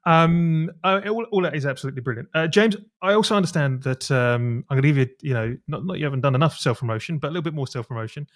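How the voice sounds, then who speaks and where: A man's voice: on the high side, animated, fast talker, few pauses. A man hosting an interview, enthusiastic and prone to restarts as he praises his guest and sets up questions. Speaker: podcast host.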